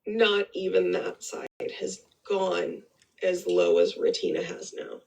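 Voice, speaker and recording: A woman's voice: fairly low pitch, sing-song, takes it slowly, vocal fry, darkish tone, low-quality recording. A woman giving blunt, rambling commentary on a live stream, swearing freely and repeating herself. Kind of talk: casual opinionated commentary.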